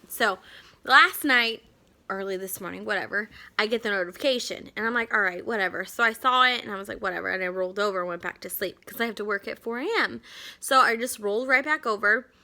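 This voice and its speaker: A young adult woman telling a story to camera in a chatty, animated way, full of "like" fillers. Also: medium pitch. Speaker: vlogger.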